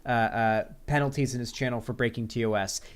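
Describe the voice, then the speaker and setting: Male streamer, casual live chat, rambling, sarcastic, swears a lot, mid-pitched voice. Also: fairly even intonation, fairly quick, clean tone. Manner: answers viewer chat questions aloud.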